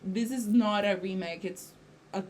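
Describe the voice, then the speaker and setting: A woman co-hosts a relaxed podcast chat, her voice sitting at a middle pitch. She rambles easily, stacking fillers and catching her own slips, over a faint hiss of background noise. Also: measured pace. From Italy. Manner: chatty, with frequent fillers and self-corrections. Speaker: podcast co-host. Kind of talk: casual chat.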